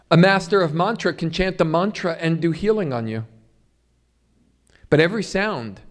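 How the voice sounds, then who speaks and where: A middle-aged man giving a public Ayurveda lecture, speaking to the audience in a string of emphatic rhetorical questions. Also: high-pitched. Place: yoga center hall.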